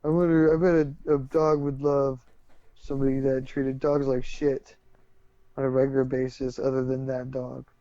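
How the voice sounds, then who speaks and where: A man's voice: medium pitch, level tone, normal speed, warm tone, no room sound, dull audio. A man co-hosting a podcast in casual, profane chat who keeps pressing his questions. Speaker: podcast co-host.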